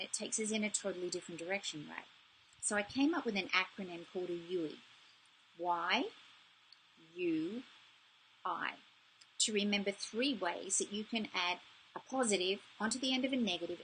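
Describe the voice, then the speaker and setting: A woman's voice: on the low side, fairly bright tone, slight background noise, poor audio. A middle-aged woman coaching viewers on self-esteem in a live video talk, earnest and encouraging, speaking straight to the viewer.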